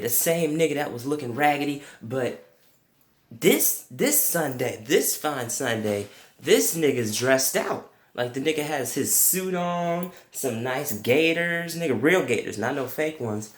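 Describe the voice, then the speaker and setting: A young man telling a comic story with crude language, jumping to high yelps when quoting himself. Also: measured pace, echoey room. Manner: animated, profane, jumps to high yelps for quoted reactions. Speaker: comedic storyteller.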